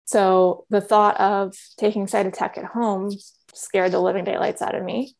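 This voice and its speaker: A woman's voice: mid-range voice, level tone, moderate pace, vocal fry, a little mellow. Woman, young adult, candid personal storytelling, conversational, lots of fillers. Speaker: podcast guest sharing a personal story.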